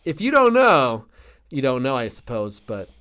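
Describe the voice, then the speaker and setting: A man co-hosting a relaxed film discussion podcast. His voice sits at an ordinary pitch, and he talks in chatty bursts with quick asides and frequent laughter. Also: clear, resonant tone. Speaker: podcast co-host.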